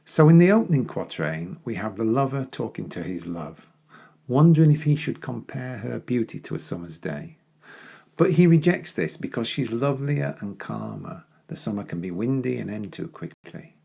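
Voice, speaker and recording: A man giving a poetry lesson, explaining in a measured way and slowing down to recite verse. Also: fairly low pitch, very animated, creaky, dark tone, slightly rough. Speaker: teacher.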